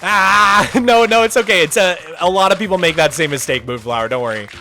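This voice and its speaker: A man's voice: high voice, brisk, bright, forceful tone, soft background music. A man streaming a game, chatting casually, answering viewer questions and thanking donors as they come in. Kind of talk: casual livestream chat.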